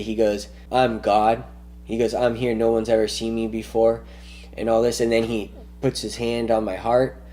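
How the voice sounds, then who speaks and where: A man speaking to camera with a dark, mellow tone, recounting a personal ordeal. He rambles and circles back, repeating "he goes" and restarting sentences. His delivery is earnest and insistent. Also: medium pitch. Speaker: vlogger telling his own story. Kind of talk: rambling first-person account.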